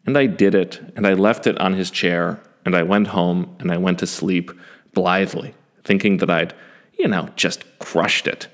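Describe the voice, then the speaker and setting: A man in his forties telling a first-person story in a self-deprecating, animated way, with some swearing. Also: deep voice, moderate pace. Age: 40s.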